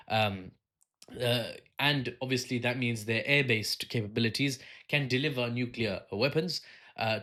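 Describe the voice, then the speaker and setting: A man's voice: mid-range voice, a bit bright. Sardonic man hosting solo commentary. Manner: sardonic, rambling, with asides and filler. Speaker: political commentary host.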